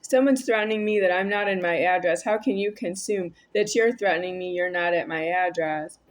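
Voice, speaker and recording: A woman's voice: on the low side, a little fast. A woman vlogging a rambling, argumentative monologue to camera, addressing an unseen listener.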